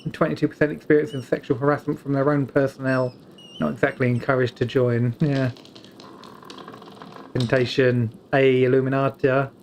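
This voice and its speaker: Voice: mid-range voice, level tone, moderate pace, darkish tone, a little hiss or hum. A British streamer playing a story game, reading its dialogue aloud and tossing in casual, wry asides while stumbling over names.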